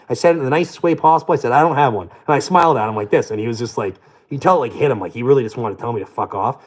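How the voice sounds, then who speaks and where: A man's voice: mid-range voice, rough recording. A man delivering a blunt, profane, scornful rant to camera as a vlogger. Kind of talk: profane ranting monologue.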